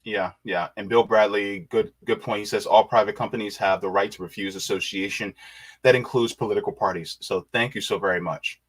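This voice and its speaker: A man's voice: fairly low pitch, fairly even intonation, a little fast, breathy edge. A man hosting a casual political livestream, exasperated and sarcastic, reading out viewer comments and reacting. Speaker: host of a political stream.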